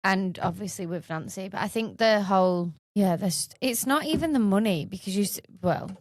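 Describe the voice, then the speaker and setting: A woman's voice: mid-range voice, normal speed, no echo. A woman, chatting casually on a podcast, laughing often and swearing freely. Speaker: podcast co-host. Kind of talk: casual chat.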